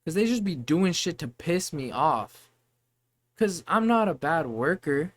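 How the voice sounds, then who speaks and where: A young man vents to the camera about customers and managers at his store. He rambles, swears constantly and works himself up. His voice sits a little higher than most men's. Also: very animated, a little slow. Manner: profane, rambling, gets heated. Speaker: vlogger venting about retail work. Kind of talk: casual rant to camera.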